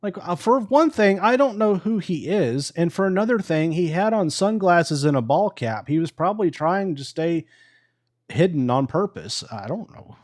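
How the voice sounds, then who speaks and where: A man's voice: high-pitched, sing-song, moderate pace. Laid-back man telling a story. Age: adult with a wife. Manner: laid-back, swears casually, laughs while telling. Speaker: livestream host. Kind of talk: casual storytelling. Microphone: live stream microphone.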